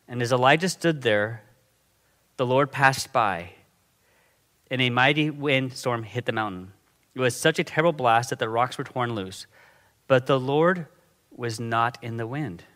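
A middle-aged man preaching a sermon in a conversational, animated way, often checking in with his listeners. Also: medium pitch. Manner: conversational, animated, frequent "okay?" and "right?" check-ins. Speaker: pastor.

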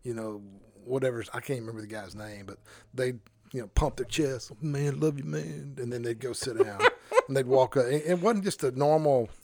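A male pastor spins a story for his co-hosts, lively and self-interrupting, with chuckles along the way. His voice sits mid-range for a man. It is recorded close and dry, with no room sound. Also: medium pitch, fairly quick, dry recording. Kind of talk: casual storytelling on a podcast.

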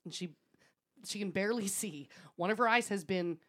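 A woman's voice: medium pitch, moderate pace. A woman co-hosting a podcast, casually retelling a story with frequent laughs and swearing. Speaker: podcast co-host.

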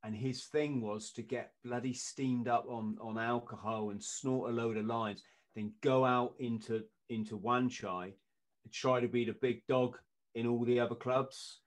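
A man's voice: mid-range voice, measured pace. A middle-aged man, a podcast guest telling stories in casual chat and acting out what people said. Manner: lively anecdotes, acting out quoted lines in punchy bursts.

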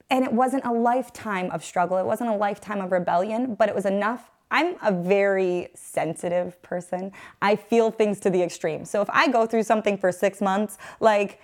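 A woman's voice: mid-range voice, moderate pace, hardly any pauses. A woman in her thirties from upstate New York, telling her faith story as an interview guest, earnest and rambling with many fillers and restarts. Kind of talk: personal faith testimony in conversation.

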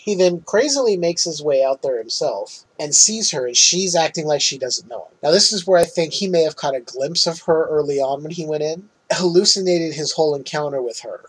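A man's voice: a little high, breathy edge, poor audio. A man casually recapping a film's ending as a podcast host, chatty and often laughing.

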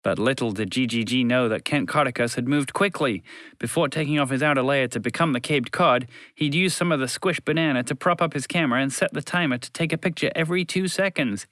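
A man's voice: mid-range voice, fairly quick, a bit bright, no room sound, clean studio sound. A man narrating a children's story in a playful, teasing way, answering interruptions as he goes.

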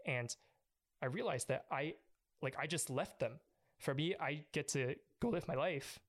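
A young man earnestly recounting an emotional personal story as an interview guest. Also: mid-range voice. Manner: earnest, emotional, with frequent restarts.

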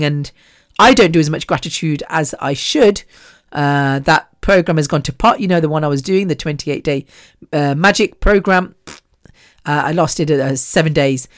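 A podcast host rambles through a casual, chatty monologue, poking fun at himself. His voice sits at a middle pitch, captured close and dry with no room sound at all.

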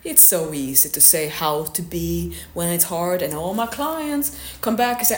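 A woman's voice: fairly low pitch, moderate pace, hardly any pauses. A woman fitness coach giving a blunt, candid motivational monologue and swearing now and then. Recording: echoey room.

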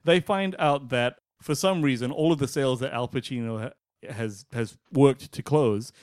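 A man co-hosting a comedy podcast, excitable and profane, often laughing. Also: medium pitch, normal speed, smooth, dry recording, clean studio sound. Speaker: podcast co-host. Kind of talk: casual comedy banter.

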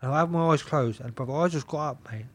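A man's voice: on the high side, quick pace. Young man swearing through a wild story. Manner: swears constantly, animated, repeats himself, laughs a lot. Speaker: podcast guest, pro boxer. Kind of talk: casual storytelling chat.

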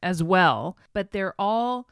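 A woman's voice: medium pitch, lively intonation, takes it slowly, a bit bright, smooth, no echo, studio quality. A woman co-hosting a podcast in casual chat, chatty and opinionated. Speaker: podcast co-host.

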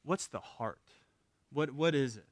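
A middle-aged man giving a casual, animated talk at a parenting seminar, often acting out what parents and kids say in a raised voice. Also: medium pitch, measured pace, dry recording, studio quality. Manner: animated, acts out parents' and kids' quotes in a raised voice; casual, with repeated words and restarts. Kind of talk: conversational teaching talk.

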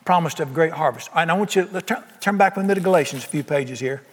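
A man preaches with a high, lively voice and a homespun, animated delivery. He slips into quick acted-out voices to make his points. The sound carries a long reverb, as in a large church hall. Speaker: pastor. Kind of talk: sermon.

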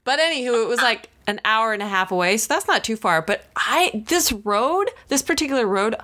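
A woman in casual phone chat, talkative and quick to laugh, acting out little voices as she tells a story. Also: fairly high pitch, expressive, sharp tone. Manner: chatty, laughs often, acts out little voices.

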